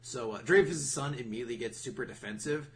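A man's voice: medium pitch, fast talker, a bit bright. A man casually summarizing a comic chapter as a podcast host, rambling with lots of fillers. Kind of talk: casual review chat.

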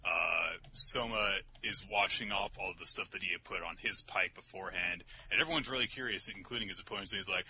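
A man casually recapping a manga chapter on a podcast, animated and sweary, often jumping into high mocking voices for the characters. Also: normal speed, slight background noise. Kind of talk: casual chat.

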